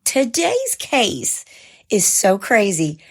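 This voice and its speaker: A woman with a hoarse voice from a cold, co-hosting and narrating a true crime podcast in a measured, scripted way. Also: medium pitch, wildly swooping pitch. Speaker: podcast co-host.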